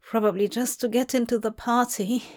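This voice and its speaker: A woman's voice: high-pitched, pitched above the performer's own voice, lightly acted. A woman voicing a timid young man who speaks nervously to his father. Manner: timid, hurried.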